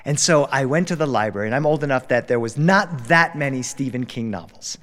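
A middle-aged man telling a personal story live in a studio before an audience, acting out the voices and swinging his pitch wide for drama. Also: a little fast, big-room sound. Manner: animated, acts out dialogue with big pitch jumps.

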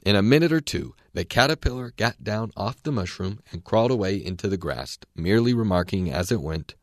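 A man reading a classic storybook aloud in a measured, expressive way. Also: lowish voice, no echo, clean studio sound. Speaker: reader.

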